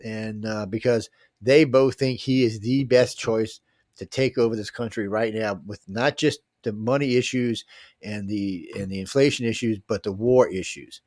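A man's voice: fairly low pitch, moderate pace, a little mellow, no room sound. Brief: middle-aged man, talk host, boastful rambling rant, close dry mic. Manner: rambling, boastful, swearing, with frequent restarts. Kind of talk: casual talk podcast rant.

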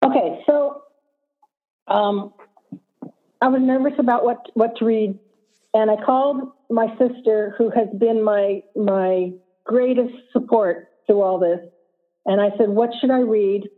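A woman author reading her own short story aloud as steady narration. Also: fairly high pitch, measured pace. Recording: phone-like audio line.

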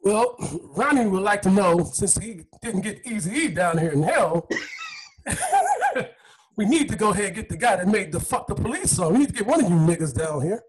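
A man's voice: sits high, huge pitch swings, moderate pace, a little hiss or hum, heavily acted. A man putting on a scheming male devil who offers a deal, mocking and giggling between lines.

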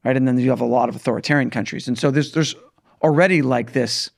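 A man in casual political discussion, halting with fillers and restarts. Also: mid-range voice, creaky. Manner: hesitant, restarts, many fillers like "like" and "right".

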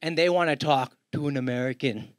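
A man from India doing a stand-up comedy set, animated and acting out the people in his stories. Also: mid-range voice, dry recording. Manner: animated, acts out callers in quick voices. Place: comedy club with live audience. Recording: live club audience laughing.

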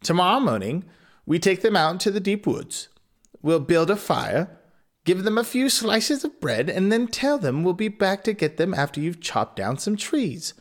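A man's voice: high-pitched, very animated, normal speed, pitched above the performer's own voice. A man reading a story aloud, voicing a cruel, scheming stepmother in a raised, scornful voice.

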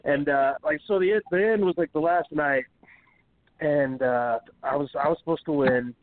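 At normal speed and a fairly high pitch, a man hosting wrestling radio rambles through a profane, filler-heavy backstage story. The recording is dry and tinny like a phone line, with a faint hiss.

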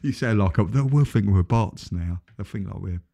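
Low, mellow-voiced man chatting. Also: moderate pace, gravelly. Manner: rambling, self-correcting, chatty. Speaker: podcast co-host. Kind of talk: casual chat.

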